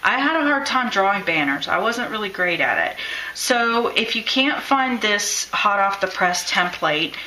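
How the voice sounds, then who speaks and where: A bright-voiced woman teaches a live craft lesson, talking casually and encouragingly as she demonstrates. The room is echoey, with faint ambience behind her. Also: mid-range voice, lively intonation, a little slow, a little hiss or hum. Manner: chatty, encouraging, thinks aloud while drawing.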